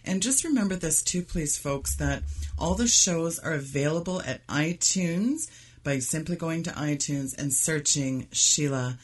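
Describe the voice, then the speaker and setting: A woman hosting a radio show, making a steady, announcer-like sponsor appeal and sign-off. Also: deep voice, husky. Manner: steady, announcer-like, direct to listeners.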